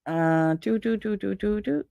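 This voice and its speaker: A woman's voice: mid-range voice, a little slow, creaky, warm tone, no echo. A woman hosting a casual livestream from a home setup on a desk microphone. She rambles in loose, stream-of-consciousness chat, swears freely and laughs often. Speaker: livestream host.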